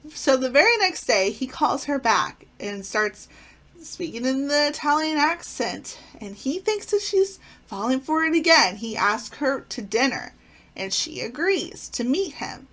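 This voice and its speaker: A woman's voice: sits high, big pitch swings, a little slow, fairly bright tone. A woman casually reviewing favorite sitcom episodes, retelling plots with enthusiasm and frequent fillers. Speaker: channel host.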